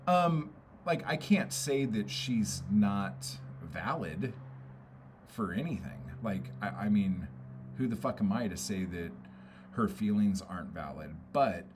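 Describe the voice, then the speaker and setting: A man's voice: lowish voice, lively intonation, takes it slowly, a little mellow, slight background noise. A man venting on a casual livestream, frustrated and rambling, swearing often and filling gaps with "um" and "like". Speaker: poet and streamer.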